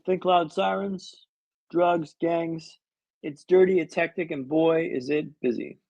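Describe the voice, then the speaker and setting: A man's voice: a little high, fairly even intonation, slow, vocal fry, a little mellow, dry recording, dull audio. A man in his thirties telling a story as a podcast guest, dramatic and wry with comic timing. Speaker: guest speaker.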